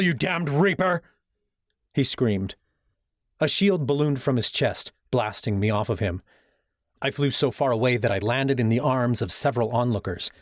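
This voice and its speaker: A man narrating a first-person fantasy novel as an audiobook, in a steady storytelling manner. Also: medium pitch, dry recording, clean studio sound.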